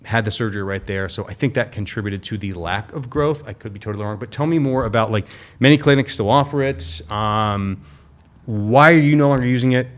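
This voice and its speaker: A man's voice: on the low side, a little fast. Casual, upbeat male podcast host. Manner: enthusiastic, casual, lots of "like". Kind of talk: conversational podcast interview.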